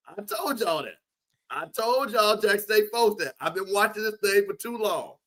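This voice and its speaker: A man's voice: high-pitched, normal speed. A man joking and trash-talking in casual sports banter. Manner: joking, animated, Southern Black vernacular. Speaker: co-host.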